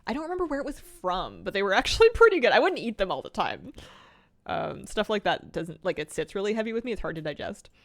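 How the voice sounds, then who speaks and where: A woman's voice: mid-range voice, sing-song, fast talker. A woman game streamer in casual chat with her viewers, rambling and self-mocking and laughing often.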